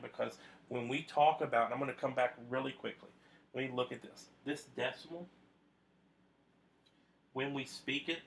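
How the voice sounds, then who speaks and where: Gravelly-voiced man teaching a math lesson. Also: medium pitch, fairly bright tone, slight background noise. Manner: conversational, with frequent fillers and restarts.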